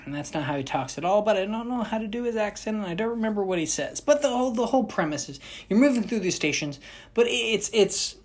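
Low-voiced young woman rambling to camera. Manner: rambling, frequent restarts and self-corrections. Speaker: vlogger. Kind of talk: casual chat.

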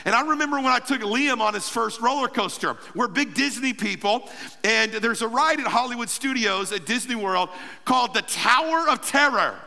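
A pastor preaching a sermon, emphatic, calling out to the congregation for response. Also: male voice, extremely high pitch, lively intonation, normal speed, creaky, pushed and bright, long reverb tail.

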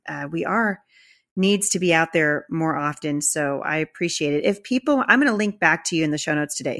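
A woman hosts a podcast in casual conversation, warm and encouraging. Her voice sits a little low for a woman. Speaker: podcast host. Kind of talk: casual chat.

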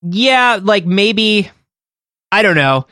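Guy cohosting a chatty podcast, kinda high voice, rambles and hedges, dry close sound. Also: animated, very slow, pushed and bright, no echo. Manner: thinks aloud, hedging with fillers. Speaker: podcast co-host. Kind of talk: casual chat.

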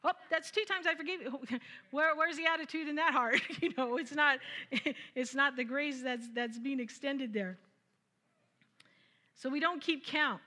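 A woman preaching a conversational sermon, retelling scripture with lively asides and frequent laughter. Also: high-pitched, unhurried.

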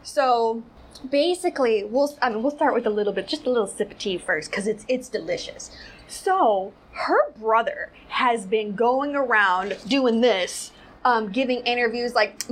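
A woman's voice: a little high, expressive, normal speed, low-quality recording. A woman hosting a casual commentary show, rambling and sarcastic, full of "like" fillers. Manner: rambling, sarcastic, heavy use of "like".

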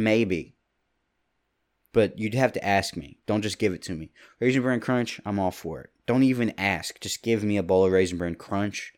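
Deep-voiced young man rambling casually. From Kentucky. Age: 20s. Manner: rambling, jokey, quick asides. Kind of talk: casual solo monologue. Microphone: studio mic with pop filter.

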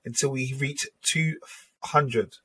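A man's voice: mid-range voice, fairly even intonation, takes it slowly, bright, forceful tone, slight background noise. A man hosting a podcast, bantering in slangy casual chat. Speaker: podcast host.

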